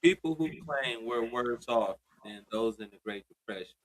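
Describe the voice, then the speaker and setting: A man with an everyday mid-range voice talks through ideas in relaxed, slangy speech on a casual talk show. He gets animated when he pushes a point home. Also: mid-range voice, normal speed, rough recording. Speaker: co-host. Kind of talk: casual podcast discussion.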